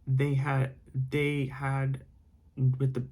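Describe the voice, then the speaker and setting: A man reading a storybook aloud in ASMR bedtime style, with a gravelly, crackly texture to his voice. His pitch sits in an ordinary middle range, and he drifts into soft, rambling asides between passages. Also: moderate pace.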